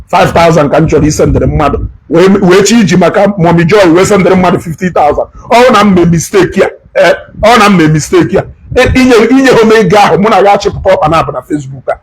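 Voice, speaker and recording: Guy ranting commentary, high voice, scolding n repeating himself, faint hiss behind. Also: low-quality recording. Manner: animated, scolding, repeats phrases. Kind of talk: heated social media commentary.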